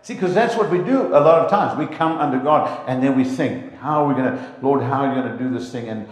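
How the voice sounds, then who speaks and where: A man preaching a lively sermon in a church, playful and animated, often acting out the voices of God and his congregation. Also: mid-range voice, fast. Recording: echoey hall, long reverb.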